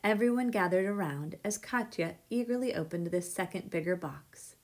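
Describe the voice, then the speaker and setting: A woman reading a children's picture book aloud with gentle, measured storytelling. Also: lowish voice, lively intonation.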